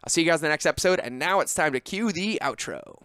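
A man's voice: on the high side, expressive, quick pace, a bit bright, soft background music. A man hosting a podcast, giving a direct, coaching business monologue that turns emphatic. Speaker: podcast host.

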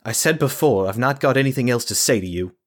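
A man's voice: medium pitch, quick pace, voice pushed up, lightly acted. A man voicing a weary, bitter village woman. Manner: flat monotone, bitter. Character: weary defeated grieving village mother.

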